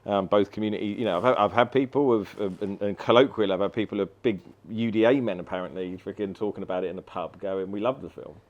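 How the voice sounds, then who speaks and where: A man's voice: on the low side, fast, few pauses, darkish tone, highs cut off. A man speaking as a guest on a podcast, in jokey, irreverent casual chat. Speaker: podcast guest, film director.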